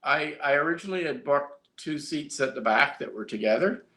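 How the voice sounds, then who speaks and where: A man's voice: fairly high pitch, animated, fairly quick, bright, forceful tone. A man co-hosting a casual live-stream chat, telling long rambling stories with fillers and restarts. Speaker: co-host.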